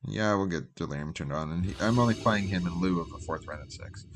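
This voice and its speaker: A working man streams himself playing cards and commentates loosely, thinking aloud with fillers and trailing off into asides. He talks fast in a deep voice against a noisy background.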